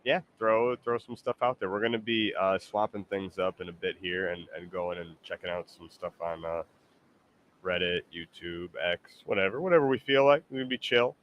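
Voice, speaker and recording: A man hosting a livestream, excitable and rambling, with sudden loud bursts. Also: sits low, moderate pace, dull audio, a little hiss or hum. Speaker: streamer host. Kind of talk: casual livestream chat.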